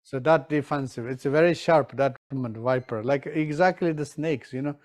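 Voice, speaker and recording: A man's voice: mid-range voice, normal speed. A man teaching Tibetan medicine in a live session, in non-standard English, who keeps checking in with his listeners and acts out his examples.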